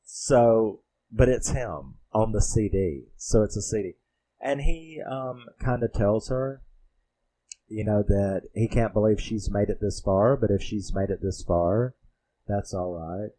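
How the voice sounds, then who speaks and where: A movie reviewer with a lowish, warm voice retells a film's plot at a measured pace. He rambles and swears freely, acting out the characters' lines as he goes.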